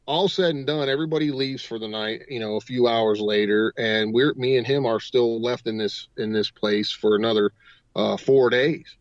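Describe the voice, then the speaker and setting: A man's voice: mid-range voice, no echo. A man, a paranormal investigator, telling a long story as a guest on a talk radio show, rambling on from one "and" to the next. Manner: rambling storyteller, strings clauses with "and". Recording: dull, dry lo-fi audio.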